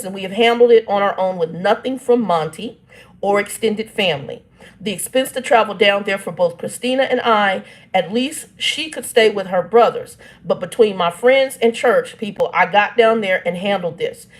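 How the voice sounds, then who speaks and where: A woman, telling a family dispute in a casual vlog. She reads text messages aloud and breaks in with blunt, irritated asides. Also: mid-range voice. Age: 50s. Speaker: channel host.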